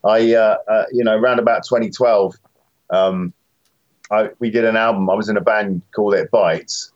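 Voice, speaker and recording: A man's voice: lowish voice, fairly even intonation, moderate pace, dull audio. A man, a musician guest, talking casually and self-deprecatingly in an interview, with many fillers and restarts.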